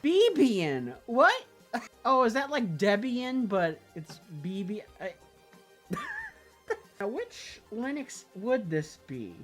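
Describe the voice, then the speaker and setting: Giggly, incredulous woman reviewing software. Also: a little high, sing-song, slow, faint music behind. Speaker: tech video creator. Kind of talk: casual screen-recording commentary.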